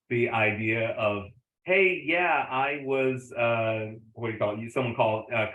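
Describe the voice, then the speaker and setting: A man's voice: mid-range voice, a bit bright. A middle-aged man giving a casual lecture on resume writing, rambling with many fillers and self-corrections. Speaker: instructor. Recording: roomy, slightly dull home recording.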